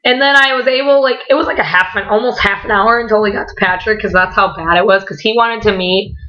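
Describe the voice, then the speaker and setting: A young woman telling a story in a casual, rambling way, excited, swearing often and saying "like" a lot. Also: medium pitch, fast, lo-fi sound. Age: young adult. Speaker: vlogger.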